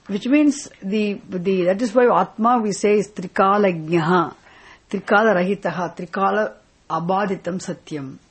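Husky woman teaching. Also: medium pitch, normal speed, rough recording. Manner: questioning, repeats points, asks "isn't it?". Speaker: spiritual teacher. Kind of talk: Vedanta scripture class.

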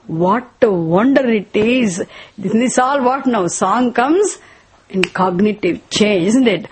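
A woman teaching scripture in a slow, repetitive lecture, asking rhetorical questions and chanting verses. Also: medium pitch, animated, a little mellow, slightly rough.

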